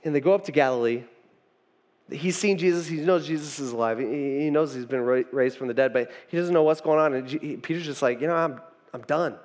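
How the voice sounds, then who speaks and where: A male pastor with a slightly high but darkish voice preaches quickly in a large hall. He wanders conversationally, restarting often and dropping in plenty of "you know" asides.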